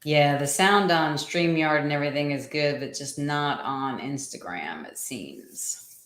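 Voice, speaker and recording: A woman's voice: sits low, moderate pace. A woman hosting a casual livestream, chatting to viewers, greeting them by name and often repeating her words. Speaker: livestream host and coach. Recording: echoey room sound.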